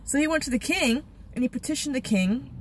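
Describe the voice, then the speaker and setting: A woman hosting a casual Bible study video, retelling the story in a chatty, animated way. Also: sits high, slight background noise. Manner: chatty, animated, with quick restarts. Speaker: channel host, Bible study.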